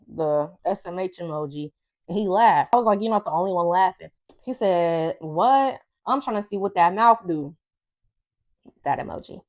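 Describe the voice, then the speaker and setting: Young female vlogger, casual storytime, sassy and profane delivery, lowish pitch.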